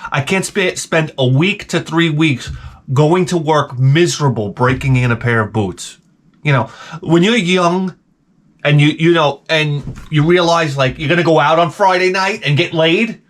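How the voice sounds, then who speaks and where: A man's voice: fairly high pitch, a little slow, fairly bright tone. A man in his forties giving a comedic monologue as a YouTuber, ranting with exaggerated outbursts. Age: 40s.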